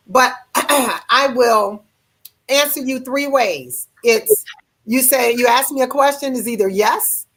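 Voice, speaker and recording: A woman hosting a podcast, talking in an expressive way and laughing easily. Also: sits high. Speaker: podcast host. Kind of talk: casual chat.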